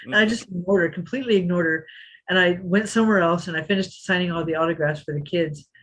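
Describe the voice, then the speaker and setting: Brief: husky woman in her fifties, lively storyteller acting out the quotes. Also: on the low side, quick pace, low-quality recording. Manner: animated, acts out quotes. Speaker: interview guest, former kickboxing champion. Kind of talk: storytelling in a podcast interview.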